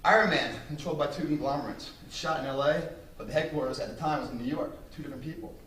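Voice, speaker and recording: A man giving a speech to an audience, telling brash, profane, animated stories. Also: a little high, fast talker, slight background noise. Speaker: motivational speaker. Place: room with an audience. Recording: roomy, distant mic, faint ambience.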